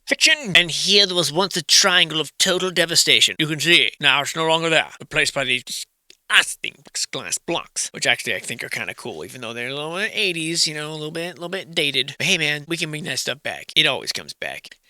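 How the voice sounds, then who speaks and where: A man's voice: on the high side, expressive, a little fast, pushed and bright, dry recording. A young man in whispered comedic commentary, reading out building records and mocking them with sarcastic asides. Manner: sarcastic, mocking asides and sudden put-on voices. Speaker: host. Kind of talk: whispered comedic commentary over archive photos.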